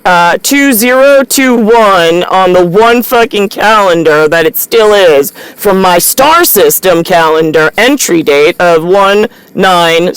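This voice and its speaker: Woman ranting to camera, swears a lot, wanders off topic, smooth clear voice, dry close sound. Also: on the low side, no echo, low-quality recording. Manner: profane, meandering, stream-of-consciousness storytelling. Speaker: vlogger. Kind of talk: rambling direct-to-camera monologue.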